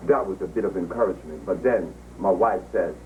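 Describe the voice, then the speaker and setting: A man's voice: sits low, brisk, far from the mic, phone-quality sound, a little hiss or hum. A man giving an impassioned, preaching lecture to a live audience, emphatic and repeating himself for effect. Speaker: public speaker. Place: live event before an audience.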